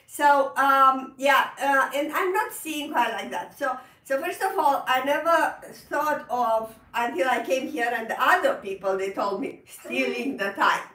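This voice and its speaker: Woman piano teacher, high, bright and animated, roomy distant sound. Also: unhurried, hardly any pauses. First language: Italian. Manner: laughs often, animated, repeats words, non-native phrasing. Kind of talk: casual online music lesson. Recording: roomy echo, off-mic.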